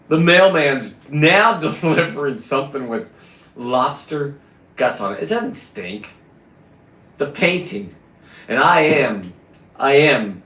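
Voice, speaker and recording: Here a crude, boastful middle-aged vlogger rambles through a casual monologue, swearing as he goes. The mid-range voice has a fairly bright tone, and the echoey room adds a roomy echo.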